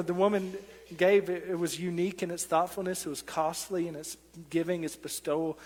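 Earnest high-voiced male preacher in a hall. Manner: earnest, builds to impassioned pleading. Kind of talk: sermon. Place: church sanctuary.

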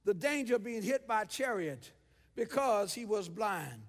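A man preaches with a very high voice, driving home repeated phrases and swelling into shouts. The sound carries a long reverb from the church sanctuary. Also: animated, moderate pace. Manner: rhythmic repetition, rising to shouts. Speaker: pastor. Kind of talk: sermon.

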